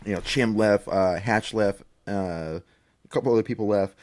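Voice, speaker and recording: A young man co-hosting a casual podcast over a call, telling a story with lots of swearing and high-pitched quotes of himself yelling. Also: moderate pace. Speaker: podcast co-host. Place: remote call.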